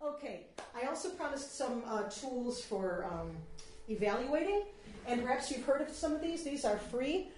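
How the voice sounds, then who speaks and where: Here a woman with a high, slightly mellow voice and lively intonation talks at normal speed to a small workshop group. Her informal talk on free online tools is chatty and meandering, heavy with fillers, and the room echoes with a little noise.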